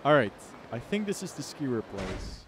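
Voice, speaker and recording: A man's voice: medium pitch, sing-song, moderate pace, background noise. A man chatting casually while streaming a game, goofy and self-mocking, sometimes humming to himself. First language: Dutch. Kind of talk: casual let's-play chat. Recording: game music playing behind.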